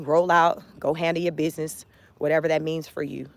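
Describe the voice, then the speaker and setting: Emphatic woman with a low voice. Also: moderate pace, dry recording. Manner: animated, emphatic, rhetorical questions. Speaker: vlogger. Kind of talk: casual walk-and-talk commentary. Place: outdoors, walking. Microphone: phone camera.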